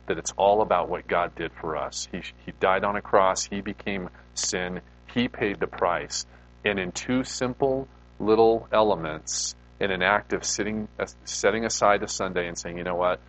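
A man's voice: low-pitched, fairly bright tone, rough recording. A male pastor giving a conversational sermon in an informal way, putting rhetorical questions to his listeners.

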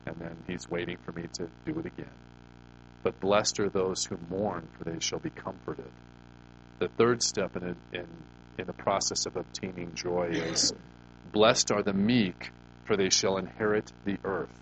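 A man's voice: deep voice, a little slow, creaky, dull audio, slight background noise. A middle-aged man preaching to a congregation in a conversational, storytelling way, often asking them questions. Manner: folksy personal storytelling. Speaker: pastor. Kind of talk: sermon.

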